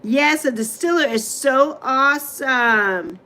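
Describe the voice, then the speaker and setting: Woman, high voice, New York accent, livestream host, rambling, answers viewers by name. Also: measured pace, a bit bright. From Bronx, New York, raised on Saint Croix. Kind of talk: casual livestream chat reading comments.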